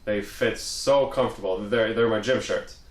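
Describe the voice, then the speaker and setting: A young man co-hosting a casual podcast, telling animated, profane stories. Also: fairly low pitch, normal speed. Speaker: podcast co-host. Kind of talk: casual chat. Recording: echoey room.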